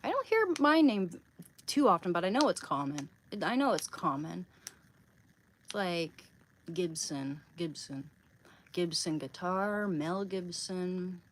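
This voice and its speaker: Chatty low-voiced woman livestreaming. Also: expressive, slow pace, a little hiss or hum, low-quality recording. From Oregon, USA. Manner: rambling, chatty, greets viewers by name. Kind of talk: casual livestream chat.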